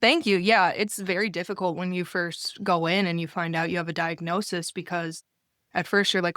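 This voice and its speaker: A woman's voice: fairly low pitch, fairly even intonation, a little fast, fairly bright tone, dry recording, studio quality. A young adult woman hosting a podcast interview, chatty and enthusiastic. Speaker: podcast host.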